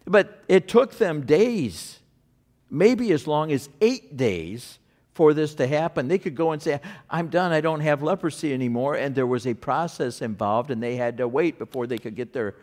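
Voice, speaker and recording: Male pastor preaching, lively swooping delivery, medium pitch. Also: measured pace. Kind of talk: sermon.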